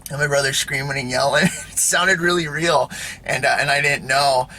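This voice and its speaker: Rambling man with a bright voice. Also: mid-range voice, steady tone, moderate pace, a little hiss or hum. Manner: rambling, full of fillers and tag questions. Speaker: video host. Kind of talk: casual storytelling monologue.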